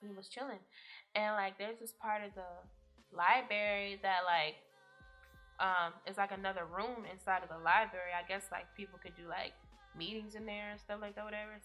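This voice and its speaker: A woman's voice: medium pitch, a bit bright. A young woman vlogger telling a rambling story time in a casual, profane way, often laughing.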